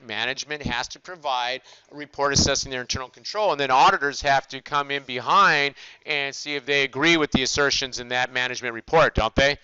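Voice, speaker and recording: A man's voice: medium pitch, bright, forceful tone, smooth, dry recording, dull audio. An older male accounting professor giving a casual recorded lecture, asking questions and answering them himself. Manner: conversational, asks and answers his own questions.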